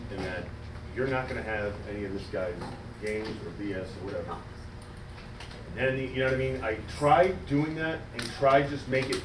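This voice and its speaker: A man coaching wrestling promos in casual, animated talk, demonstrating cadences and coaxing a student. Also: medium pitch, background noise. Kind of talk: casual teaching. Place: wrestling school training room. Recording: echoey room from far off.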